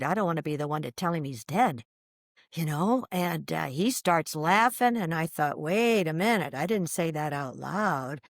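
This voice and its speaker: An older woman telling a personal story as an interview guest, animated and vivid, acting out the voices she quotes. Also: mid-range voice, no room sound, clean studio sound.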